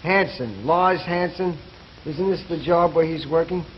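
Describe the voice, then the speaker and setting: Actor as a young soldier, direct questions, slightly high voice, muffled old TV sound. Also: male voice, a little slow, slight background noise, natural voice. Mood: puzzled. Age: young adult. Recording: muffled 1950s television recording.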